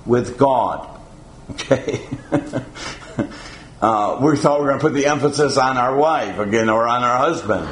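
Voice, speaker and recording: A man preaching a sermon to his congregation in a folksy, halting way, often pausing on "uh" and chuckling. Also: mid-range voice, reverberant, low-quality recording. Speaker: pastor.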